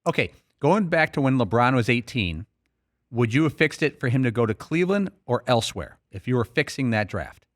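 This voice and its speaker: Male talk-show regular, plain questioner, middle pitch; dry studio sound. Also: sing-song, fairly quick, no room sound. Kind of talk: casual studio chat. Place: radio studio.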